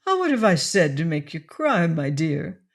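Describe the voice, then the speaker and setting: A woman's voice: deep voice, very animated, moderate pace, exaggerated voice. A woman reading an audiobook, voicing an earnest, lovesick pirate captain who pleads. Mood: pleading.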